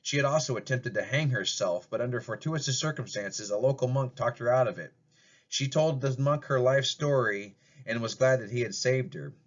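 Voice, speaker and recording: A man's voice: medium pitch, moderate pace, dull audio. Man reading a storybook aloud. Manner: plain read-aloud narration. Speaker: narrator.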